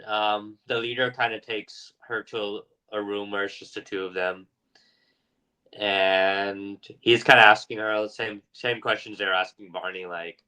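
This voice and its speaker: A man's voice: fairly low pitch, fairly even intonation, measured pace, sharp tone, clear, resonant tone, poor audio. A man co-hosting a podcast, casually retelling a story with lots of fillers and acting out the people in it. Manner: loose, filler-heavy retelling with acted-out quotes.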